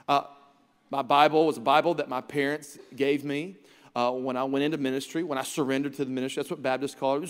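A man preaching a sermon as pastor, telling a self-mocking story and acting out his own quoted lines. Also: on the high side. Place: church sanctuary. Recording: long hall reverb in church.

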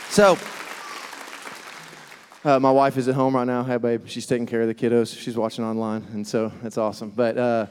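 A man's voice: mid-range voice, normal speed, long pauses, clear, resonant tone, a faint crowd. A man in his thirties preaching, telling a funny family story and laughing at himself. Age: 30s. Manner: lively storyteller, laughs at himself, acts out quotes. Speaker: pastor. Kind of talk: sermon with humorous personal story. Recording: long reverb of a large hall.

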